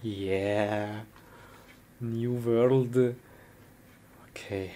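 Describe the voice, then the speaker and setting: Low-voiced woman with noisy background. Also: extremely slow. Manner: playful, exclamatory, simple broken English. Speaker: comedy skit performer. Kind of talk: acted comedy skit narration. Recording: steady background noise.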